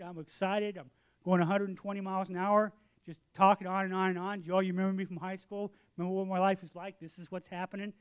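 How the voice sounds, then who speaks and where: A man in his sixties delivering a sermon, his voice sitting high. He tells stories with energy and acts out both sides of a conversation. Then he settles into a quieter, earnest tone for the point he is making. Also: flat delivery, quick pace, smooth. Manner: drops to a quiet, earnest tone for the lesson. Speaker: preacher. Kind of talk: sermon with storytelling.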